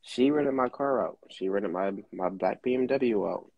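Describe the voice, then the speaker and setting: Young New guy, deep husky voice, dry close sound, casual profane storyteller. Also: moderate pace, no echo, dull audio. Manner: profane, laid-back, slangy. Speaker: car rental host.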